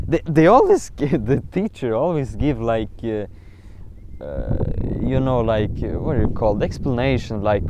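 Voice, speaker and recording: A man's voice: medium pitch, a little mellow. A young man podcasting on his phone outdoors, ranting and swearing in a casual monologue full of fillers. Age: young adult. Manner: ranting, profane, many fillers. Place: outdoors near water. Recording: outdoor phone recording with clear background noise.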